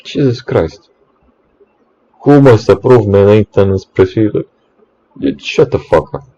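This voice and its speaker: Exasperated swearing man, low mellow voice. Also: lively intonation, unhurried, highs cut off. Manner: exasperated, swearing, stammering restarts. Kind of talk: ranting monologue.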